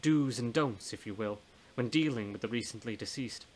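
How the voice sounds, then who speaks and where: A man's voice: mid-range voice, moderate pace, breathy edge, natural voice. A man voicing a blunt, folksy older woman's ghost in a storybook reading, with a plain-spoken, scolding manner. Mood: warm.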